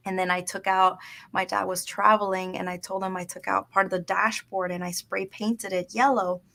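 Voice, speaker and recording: On a radio show, a woman in her thirties tells stories in easygoing English sprinkled with Spanish phrases. Her medium-pitched voice is gravelly and fairly bright, delivered at a normal speed with a level tone through a studio microphone.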